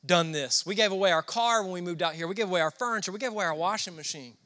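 Southern preacher, young man, high-ish bright voice, chatty storyteller who quizzes the room. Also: rapid-fire. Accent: Southern American. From Southern United States. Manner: storytelling, conversational, asks the crowd questions. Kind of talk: sermon. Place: church before a congregation.

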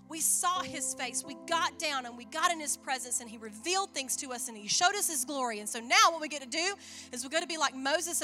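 A woman preaching a sermon in an animated way, acting out the voices she quotes. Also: sits high. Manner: animated, acts out quoted voices, chuckles at herself.

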